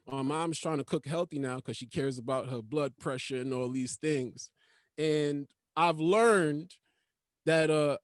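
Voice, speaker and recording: A man doing stand-up with a rambling, drawling delivery and a fairly high voice. The sound is dry and close, with no room around it. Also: dry recording. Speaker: stand-up comedian. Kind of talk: stand-up comedy.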